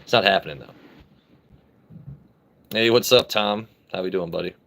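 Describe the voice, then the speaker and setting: A man with a somewhat low voice hosts a casual live stream. He jokes brashly and swears freely as he answers viewers' comments. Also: normal speed, gravelly, fairly bright tone, slight background noise. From United States. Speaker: livestream host.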